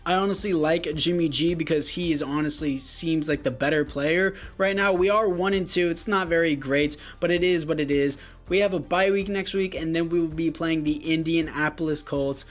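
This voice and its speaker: A young man with a high voice narrates a football video game in casual play-by-play, calling each down like a sports announcer. He drops offhand asides to his viewers between plays, speaking into a gaming headset. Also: fairly even intonation, moderate pace, few pauses, soft background music. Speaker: gaming YouTuber.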